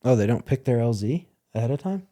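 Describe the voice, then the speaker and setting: A man hosting a podcast in casual chat, animated and joking, often laughing and swearing. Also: mid-range voice, quick pace. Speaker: podcast host.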